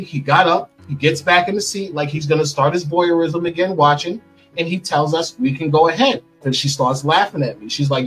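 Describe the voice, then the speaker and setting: Brief: husky middle-aged male guest, animated storyteller, slightly high voice, faint music underneath. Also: brisk, low-quality recording. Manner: animated storyteller acting out quoted lines. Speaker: interview guest. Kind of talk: telling a personal story in an interview.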